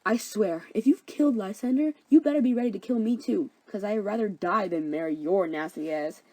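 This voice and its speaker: A woman's voice: medium pitch, a little fast, darkish tone, dry recording, lightly acted. A woman voicing a sassy, threatening young female lover in a cartoon parody. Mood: angry.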